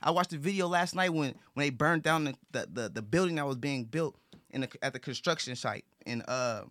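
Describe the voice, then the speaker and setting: A man with a mid-range, slightly bright voice talks a bit fast and expressively, in clean studio sound without echo. His casual chat is heartfelt but repetitive, with frequent restarts and swearing.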